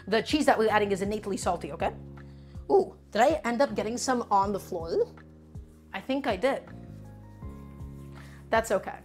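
A woman's voice: mid-range voice, lively intonation, moderate pace, pauses often, faint music behind. A woman from Brooklyn, hosting a live cooking stream from her home kitchen and chatting with viewers as she works. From Brooklyn, New York. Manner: chatty, talks to chat as "guys" while cooking.

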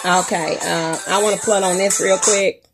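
A woman's voice: on the low side, steady tone, moderate pace, creaky, over music. A woman vlogger chatting casually on a live stream, crude and rambling, joking and singing along.

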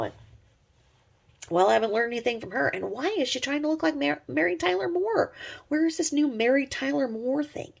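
A woman's voice: high-pitched, lively intonation, a little fast, vocal fry. A middle-aged woman giving a sarcastic, profane gossip commentary as a vlogger, mocking someone she watches online.

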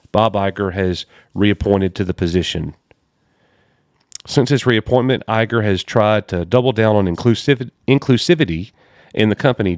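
Low-voiced sarcastic man reading news. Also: darkish tone, dry recording, studio quality. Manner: sarcastic asides and sighs. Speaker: commentary channel host. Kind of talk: reading a news article aloud with commentary.

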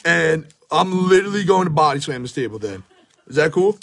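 A young man with a hoarse, worn-out voice, frantically narrating a card pack opening at home, swearing and shouting in disbelief while filming on his phone. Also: on the high side, expressive, fairly quick. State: hoarse, voice shot. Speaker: sports card pack breaker. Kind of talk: hyped live pack-opening commentary. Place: at home by a table.

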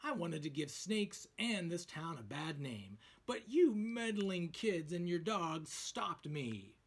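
A man's voice: fairly high pitch, very animated, takes it slowly, husky, heavily acted. A man voicing a grumpy male cartoon villain who snarls his complaints, reading a storybook aloud. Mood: snarling. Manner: snarling, resentful. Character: grumpy male villain, snake-hating TV host.

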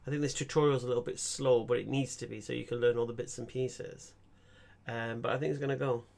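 A young gaming streamer with a mid-range voice and vocal fry talks fast, chatting casually about games. He rambles and stammers through restarts, breaking into animated bursts of laughter.

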